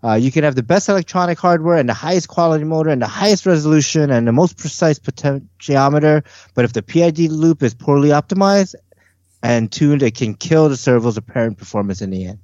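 A man's voice: fairly high pitch, expressive, fast talker, darkish tone, no room sound, lo-fi sound. A man co-hosting a casual podcast, reading listener comments aloud and laughing often.

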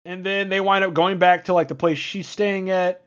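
A man's voice: high-pitched, level tone, normal speed, clean tone. Man recapping a movie with dull lo-fi sound. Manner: rambling, profane, joking, acts out characters. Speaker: podcast co-host.

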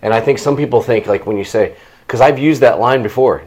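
A man's voice: medium pitch, brisk, a little mellow, husky. A man hosting a podcast, talking earnestly and repeating words as he thinks aloud. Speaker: podcast host. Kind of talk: casual interview chat.

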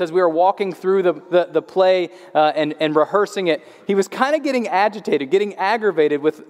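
A man in his thirties delivers a sermon with a fairly high voice. He speaks earnestly, often restarting words and sinking low at the close of each phrase. The sound carries a long reverb from a church hall. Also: darkish tone. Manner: earnest, drops pitch at phrase ends, frequent restarts. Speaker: pastor.

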